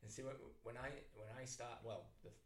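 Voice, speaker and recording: A man's voice: mid-range voice, fairly quick. A middle-aged man, a tattoo artist co-hosting a casual podcast, telling stories animatedly with frequent laughs and restarts. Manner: animated storyteller, laughs often, many restarts. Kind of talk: casual chat, storytelling. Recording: roomy echo.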